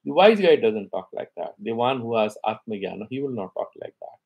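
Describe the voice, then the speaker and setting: Man, scripture teacher, middle pitch, Sanskrit recitation, explanation, rhetorical questions. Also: sing-song, a little fast, creaky, darkish tone, husky. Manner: reads Sanskrit commentary, then explains in English; rhetorical questions and acted-out examples. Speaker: Vedanta teacher. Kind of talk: scripture class lecture.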